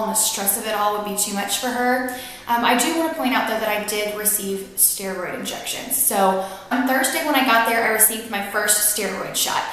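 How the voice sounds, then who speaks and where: A young woman tells a personal story straight to the camera, earnest and emotional, with plenty of fillers and restarts. Her voice is mid-pitched, and the recording rings with heavy room echo. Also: fairly bright tone, slight background noise. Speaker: vlogger. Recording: very echoey room.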